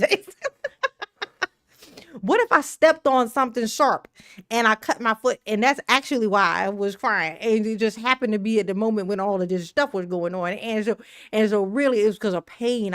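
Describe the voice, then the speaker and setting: In studio-quality audio with no room sound, a woman with a slightly high, fairly bright voice hosts a casual live stream. She reads out viewer comments, laughing frequently and speaking in an emotional, slang-heavy style.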